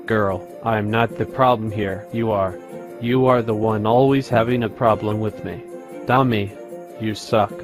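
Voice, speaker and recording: A man's voice: lowish voice, fairly even intonation, unhurried, lightly acted. A man playing a sulky boyfriend in a skit, trading stiff insults. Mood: insulting. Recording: music playing loudly under voice.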